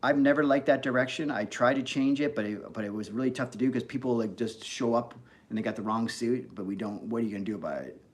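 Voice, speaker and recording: A middle-aged man hosting a casual livestream monologue, talking bluntly and animatedly, swearing and swinging between loud and low. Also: fast. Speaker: fitness show organizer and channel host.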